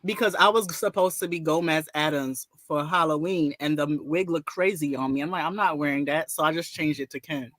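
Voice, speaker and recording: A man hosting a live reaction stream, chatty and quick to laugh as he talks with his co-hosts. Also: on the high side, dry recording. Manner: chatty, laughs often, lively. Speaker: host. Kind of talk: casual live-stream chat.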